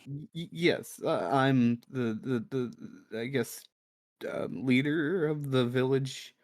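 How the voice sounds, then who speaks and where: A man's voice: medium pitch, takes it slowly, a little mellow, no echo, close to an everyday voice. A man voicing a nervous, stammering male village leader in a tabletop game. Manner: stammering, hesitant.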